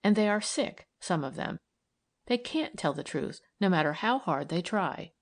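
A woman's voice: on the low side, expressive, measured pace. A woman reading aloud and voicing an earnest, idealistic young woman who argues eagerly and persuasively.

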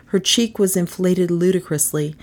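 A woman narrating a novel in an expressive, animated storybook reading. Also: on the low side, normal speed. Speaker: audiobook narrator.

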